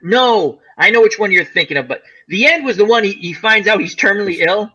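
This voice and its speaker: A man's voice: sits high, a little fast, slightly rough, highs cut off. A man co-hosting a casual chat show, rambling through stories about movies. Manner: rambling, animated storyteller. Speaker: co-host.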